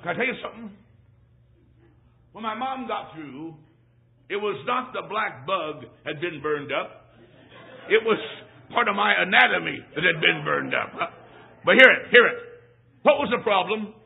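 A man's voice: sits high, animated, normal speed, creaky, long pauses. A man preaching a sermon, telling a folksy story from his boyhood in an emphatic way and repeating phrases for effect. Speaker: traveling preacher. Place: church. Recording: tinny phone-like recording.

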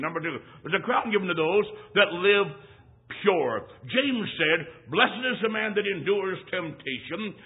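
A man with a high voice preaches a storytelling sermon at a church service. His delivery is folksy and emphatic, dropping to a hush and then rising to a shout. The recording is thin and tinny, like a phone line. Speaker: traveling evangelist.

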